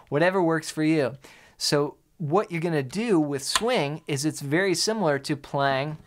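A man's voice: a little high, normal speed, background noise. A man teaching an online guitar lesson, explaining rhythm and counting beats aloud while he plays. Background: guitar playing.

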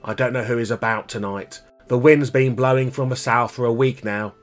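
A man's voice: mid-range voice, fairly even intonation, moderate pace, soft background music, natural voice. A man voicing a protective grown man in a storybook reading, firm and kindly.

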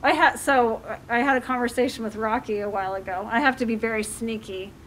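A middle-aged woman life coach talks to a community audience in a high, bright voice. She is animated and slips into little acted-out exchanges with her children. A faint hum of the room sits behind her. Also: a little fast. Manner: animated, acts out parent-child dialogue. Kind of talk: community talk with audience questions.

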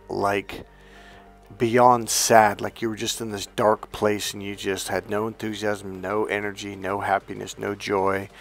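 A man working as a dating and relationship coach, telling an unscripted story in an energetic, earnest way with rambling restarts. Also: lowish voice, gravelly.

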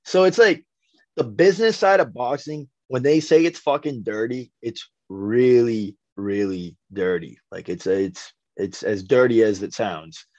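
A man's voice: mid-range voice, unhurried, a little mellow, no room sound. A young man, a boxer telling a rambling, profane story in a casual podcast interview. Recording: dry, slightly dull podcast audio.

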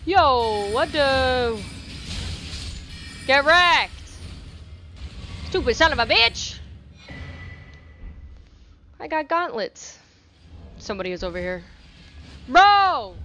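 Excitable high-voiced young woman gaming. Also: a little hiss or hum. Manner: excitable, profane outbursts. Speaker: gaming channel host. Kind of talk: casual gameplay commentary.

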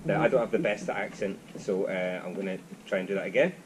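A man's voice: low voice, steady tone, fast talker, slight background noise. A man hosting a casual interview, cheerful and joking as he reads out questions and runs a game. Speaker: host.

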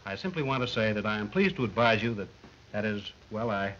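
A man in a 1930s radio comedy double act, giving deadpan, absurd replies as a daffy colonel. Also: on the low side, brisk. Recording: muffled old film soundtrack with hiss.

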